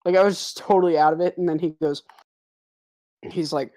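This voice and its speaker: A man's voice: on the high side, fairly even intonation, brisk, warm tone. A young man telling a long, profane story in a casual voice chat with friends, laughing as he goes.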